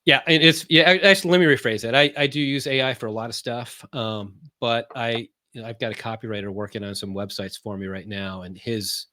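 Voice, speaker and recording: Bright, halting man on a podcast. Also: medium pitch, steady tone, no echo, studio quality. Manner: halting, many fillers and restarts; explains in plain, loose terms. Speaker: podcast guest, marketing business owner. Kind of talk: casual podcast chat.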